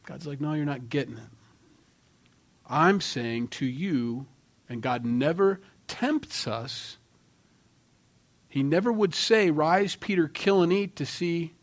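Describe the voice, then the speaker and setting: A man preaching a sermon in a conversational way, acting out quoted voices and dropping between loud and quiet. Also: fairly high pitch. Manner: conversational, acts out quoted voices with shifts in loudness. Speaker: pastor.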